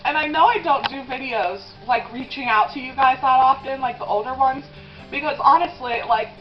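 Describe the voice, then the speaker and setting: A young woman in her twenties rambles through a confessional vlog while eating, leaning on "um" and "like" and close to tears at times. Her voice sits a little high. The home video sound is a bit muffled, with faint music underneath. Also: moderate pace. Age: 20s. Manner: rambling, with many "um" and "like" fillers. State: tearful at times. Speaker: vlogger.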